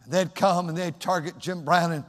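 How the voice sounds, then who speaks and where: High-voiced fervent preacher in a reverberant hall. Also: male voice, steady tone, normal speed. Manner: fervent, builds to shouting. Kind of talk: sermon.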